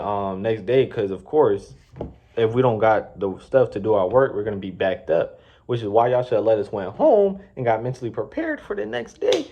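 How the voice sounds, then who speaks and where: A man's voice: fairly low pitch, mellow, dull audio, a little hiss or hum. A man in his twenties telling a casual, slangy story with plenty of swearing and rambling asides. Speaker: vlogger. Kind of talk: storytime vlog.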